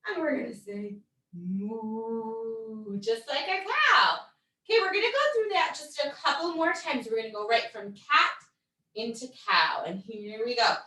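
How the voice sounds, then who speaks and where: A woman's voice: high voice, very animated, moderate pace, pushed and bright. A woman leading young children through animal stretches, upbeat and encouraging with a sing-song way of talking. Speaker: children's yoga and storytime instructor. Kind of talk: guided kids' stretching lesson. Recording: echoey room, voice a bit far from the mic.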